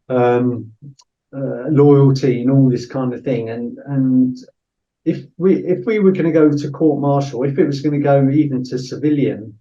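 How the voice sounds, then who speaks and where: A man's voice: mid-range voice, mellow, dull audio. A middle-aged man, a former soldier, telling a story casually on a podcast with lots of fillers and acted-out quotes. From Britain. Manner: anecdotal, acts out quoted voices, frequent fillers.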